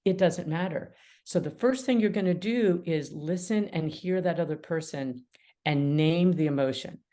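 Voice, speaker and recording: A middle-aged woman with a fairly low voice speaks as a guest on a podcast, animated and quick to laugh. She often slips into little acted-out exchanges to make her points. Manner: animated, laughs often, acts out quoted dialogue. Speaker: mediator and author, podcast guest. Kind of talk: conversational interview.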